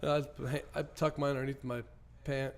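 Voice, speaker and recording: A man hosting a crude comedy podcast, telling stories loudly with lots of swearing and laughter. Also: medium pitch, little pitch movement, a little slow, gravelly. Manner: loud, profane storytelling, laughs often. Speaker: podcast host.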